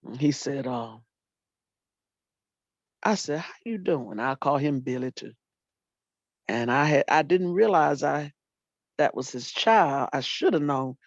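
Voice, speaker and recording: An older woman, a retired teacher and librarian, telling animated stories about her students in casual talk and acting out what people said. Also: sits low, takes it slowly, long pauses, no room sound. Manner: animated storyteller, acts out quotes, folksy Southern phrasing. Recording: dull lo-fi dry sound.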